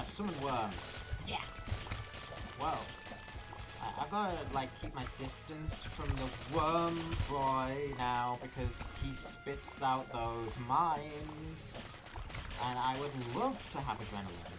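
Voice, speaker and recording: A man streaming live gameplay, talking himself through it in an excitable, nervous way. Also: mid-range voice, slow. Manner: excitable, nervous self-talk. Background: game music.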